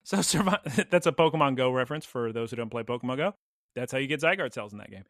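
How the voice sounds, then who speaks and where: Bright-voiced, jokey man on a podcast. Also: mid-range voice, animated, quick pace, dry recording, studio quality. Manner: chatty, jokey storyteller, playfully acting out characters' lines. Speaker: podcast co-host. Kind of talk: casual podcast recap chat.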